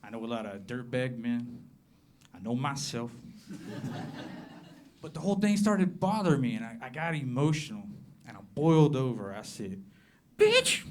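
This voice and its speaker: Southern American man doing stand-up. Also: medium pitch. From southern Appalachia, USA. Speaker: stand-up comedian. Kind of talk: stand-up comedy set. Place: comedy club with live audience.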